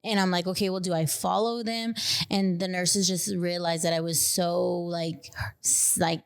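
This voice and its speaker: A young woman with a Texan accent talks through a painful memory on a podcast, her speech full of fillers and restarts. Her voice sits fairly low and stays flat in pitch. Her tone is smooth and clear. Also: normal speed. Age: young adult. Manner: emotional retelling, many fillers. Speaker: podcast guest. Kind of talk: casual storytelling.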